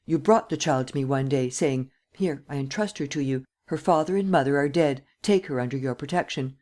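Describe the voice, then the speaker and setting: Woman putting on a shaky old lady voice, high and pleading, scared for her girl, audiobook. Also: a little fast, darkish tone. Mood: alarmed. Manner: pleading, tremulous, sometimes whispered. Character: elderly woman guardian, anxious and protective. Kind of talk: audiobook character reading.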